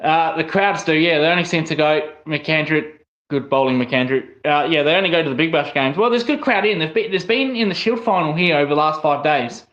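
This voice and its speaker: Excitable South Australian cricket streamer. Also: male voice, a little high, fairly quick, lo-fi sound. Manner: excitable, rises sharply on wickets. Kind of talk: casual live watchalong commentary.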